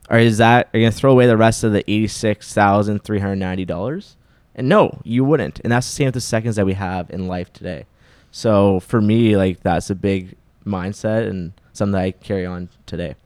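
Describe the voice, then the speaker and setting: A man's voice: fairly low pitch, a little fast, darkish tone, clear, resonant tone, dry recording. A young man from Canada, a podcast guest, talking in an earnest, motivational way. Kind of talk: casual chat.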